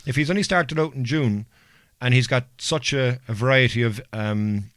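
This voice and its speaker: A man's voice: mid-range voice, moderate pace, fairly bright tone, no echo, studio quality. A man hosting a podcast in casual, rambling chat. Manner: rambling, filler-heavy, chatty. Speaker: podcast host.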